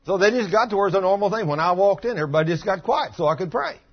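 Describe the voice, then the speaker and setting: A man's voice: high-pitched, animated, rapid-fire, soft background music. A man preaching in a folksy sermon, telling a testimony and rising to fervent outbursts. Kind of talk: sermon storytelling. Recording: dull lo-fi recording.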